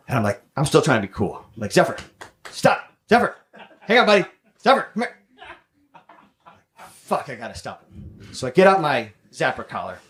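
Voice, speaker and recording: A young man doing stand-up comedy, telling a self-mocking story in quick, animated bursts with some swearing, on a comedy stage with a handheld mic. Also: mid-range voice. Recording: loud background noise with audience laughter.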